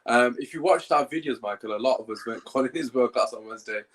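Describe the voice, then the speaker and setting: A man's voice: mid-range voice, quick pace. A young man co-hosting a football fan reaction chat, speaking in a frustrated, emphatic way. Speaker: fan channel co-host.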